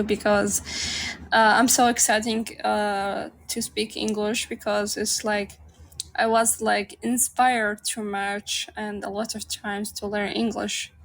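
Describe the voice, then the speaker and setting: A woman's voice: medium pitch, flat delivery, unhurried, creaky, fairly bright tone, slight background noise. A woman whose first language is Arabic, a guest in a casual interview, speaking English hesitantly with many fillers.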